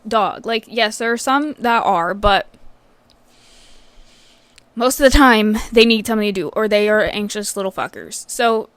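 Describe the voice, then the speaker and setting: A woman's voice: mid-range voice, unhurried, long pauses, a bit bright, no room sound. Profane ranting woman podcaster. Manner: swears freely, ranting. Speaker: podcast host. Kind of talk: casual storytelling rant. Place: vet clinic worker telling work stories.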